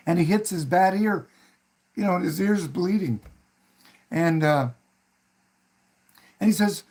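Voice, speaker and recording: A man with a slightly higher-than-usual voice talks through a favorite film at an easy, rambling pace. He stops often with fillers and restarts his sentences. When he quotes the characters, he raises his voice to act out their lines. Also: expressive, a little slow, pauses often, darkish tone. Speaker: host. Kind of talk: casual film discussion.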